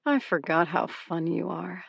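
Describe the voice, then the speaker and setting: A woman's voice: on the low side, measured pace, creaky, breathy edge, dry recording, heavily acted. A woman narrator voicing a charming, buzzed ex-husband in an audiobook, with an easygoing, teasing manner. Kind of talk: audiobook character voice.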